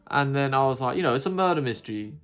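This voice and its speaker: A man's voice: mid-range voice, lively intonation, fast talker, fairly bright tone. A man telling an exasperated, sweary rant in a casual vlog monologue. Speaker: YouTuber.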